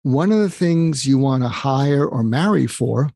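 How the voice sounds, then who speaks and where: A man's voice: mid-range voice, animated, unhurried, creaky, warm tone, no room sound, studio quality. An older man, a psychiatrist, telling stories and giving earnest advice as an interview guest. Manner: earnest, advising, quotes people in stories. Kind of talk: interview storytelling.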